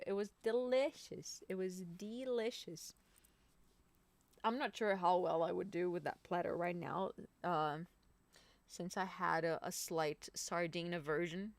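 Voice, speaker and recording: A woman's voice: lowish voice, no room sound. A woman singer hosting a live stream, chatting casually and rambling to her viewers.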